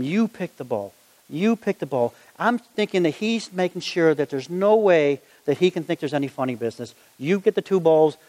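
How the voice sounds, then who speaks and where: A man preaching a sermon, reading Bible verses aloud and acting out the story in lively voices. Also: fairly high pitch. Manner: animated, acts out the story in voices. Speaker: gospel magician preacher. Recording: long hall reverb.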